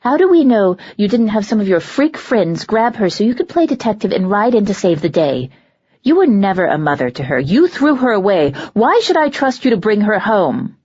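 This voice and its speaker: Brief: resentful stepmother, accusing, husky mellow voice, read by a woman, dull lo-fi audio. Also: medium pitch, big pitch swings, normal speed, pitched above the performer's own voice. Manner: accusing, sharp.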